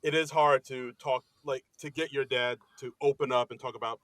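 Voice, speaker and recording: A man's voice: mid-range voice, fairly even intonation, moderate pace, fairly bright tone, no echo. A man co-hosting a comedy podcast, recapping sketches in a rambling, filler-heavy casual chat. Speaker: podcast co-host.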